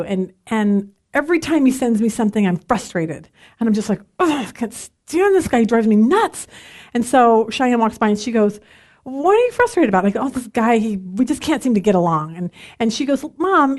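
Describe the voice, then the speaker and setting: A middle-aged woman teaching a women's Bible study in a chatty, self-deprecating way, laughing often. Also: on the high side.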